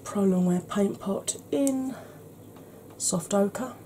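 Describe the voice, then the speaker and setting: A woman with a slightly husky voice, giving a soft-spoken ASMR makeup tutorial in a chatty, explanatory way. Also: medium pitch, slow pace, noisy background.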